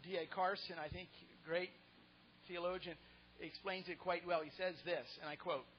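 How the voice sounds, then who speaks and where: A man's voice: sits high, steady tone, moderate pace, highs cut off, a little hiss or hum. A man preaching a sermon, emphatic, with restarts and rhetorical questions. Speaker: pastor.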